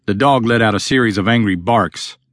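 A man narrating a novel as an audiobook, reading steadily and in a measured way. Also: on the low side, a bit bright, no room sound, clean studio sound. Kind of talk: scripted narration.

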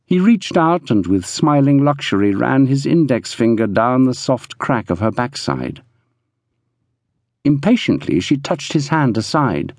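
A man narrating a novel in a measured, descriptive reading, recorded close in a studio. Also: mid-range voice, very animated, darkish tone, no echo. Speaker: audiobook narrator. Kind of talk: scripted narration. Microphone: close studio mic.

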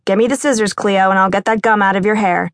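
A woman narrator voicing a lively grown woman from a busy Greek family, brisk and teasing, in an audiobook. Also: mid-range voice, no room sound, lightly acted. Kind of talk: audiobook character voice.

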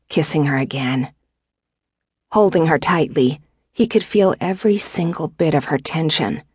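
A woman narrating an audiobook in a measured, even reading. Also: deep voice, slightly rough, dry recording, studio quality. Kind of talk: scripted narration.

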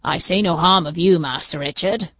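A woman's voice: lowish voice, normal speed, dry recording. A woman doing a blunt, grumbling peasant. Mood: bitter. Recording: dull, dry audiobook recording.

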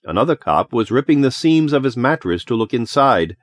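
A man reads an audiobook in an expressive, dramatic storytelling manner. His pitch moves a lot from line to line. The studio sound is close and dry. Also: normal speed, no room sound. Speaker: audiobook narrator. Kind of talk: scripted narration.

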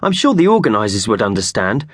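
A man's voice: lowish voice, sing-song, quick pace, husky, dry recording. A meek, fretful man from a children's storybook speaks hesitantly and apologetically, as a man reads him. His voice is a little raised and swings widely, and the sound is dry. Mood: worried. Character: meek, worried grown man. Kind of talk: children's audiobook reading.

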